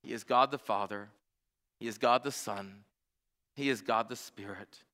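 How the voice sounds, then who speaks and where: A man in his forties delivers a sermon in a church, his bright voice ringing through a long hall reverb. He talks earnestly, stumbles over fillers and restarts, and shifts between soft reflection and lively storytelling. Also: on the low side, moderate pace. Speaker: pastor.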